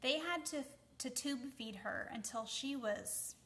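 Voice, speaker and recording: A woman's voice: high voice, expressive, a little slow, pushed and bright, a little hiss or hum. A young woman, a mom, giving casual advice to the camera, chatty with lots of ums and a habit of asking "okay?". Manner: chatty, many fillers, keeps asking okay.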